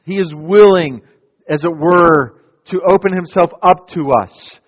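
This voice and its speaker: A man preaching a sermon as a pastor, dramatic and emphatic, swinging from loud declarations to hushed lines. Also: sits high, unhurried. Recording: dull long-reverb hall sound.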